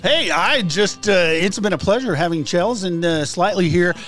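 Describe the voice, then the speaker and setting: A man's voice: high voice, normal speed, fairly bright tone, soft background music. A man co-hosting a casual livestream. He is chatty and laughs easily. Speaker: livestream co-host.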